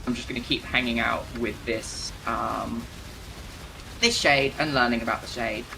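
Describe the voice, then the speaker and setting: A man's voice: medium pitch, steady tone, normal speed, creaky, background noise, natural voice. A man voicing an earnest male explorer in an offhand, casual way.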